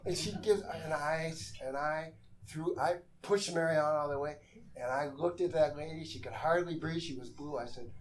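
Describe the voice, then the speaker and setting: A man telling a comic story live on a theater stage, animated and exasperated, acting out the voices in his tale. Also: fairly high pitch, moderate pace. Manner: animated, exasperated, acts out quotes.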